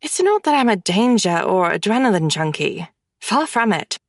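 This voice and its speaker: A woman's voice: medium pitch, very animated, moderate pace, no room sound, clean studio sound. A woman reading a first-person audiobook, with a wry, blunt manner. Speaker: audiobook narrator. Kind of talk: scripted first-person narration.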